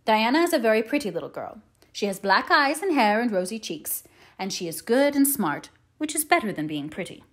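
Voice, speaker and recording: A woman reads as a stern, no-nonsense older guardian in a storybook reading. She speaks in brisk, clipped lines that scold and instruct. The tone stays matter-of-fact and firm. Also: a little high, sing-song, a bit bright. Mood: instructive. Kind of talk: audiobook character reading.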